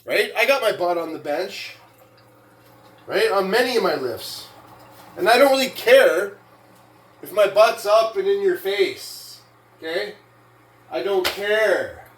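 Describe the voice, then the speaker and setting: A man's voice: sits high, lively intonation, slow pace, long pauses, roomy sound, slight background noise. A man in a casual vlog rant, boastful and taunting, who keeps tagging his sentences with "right?" and "man". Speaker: weightlifting vlogger.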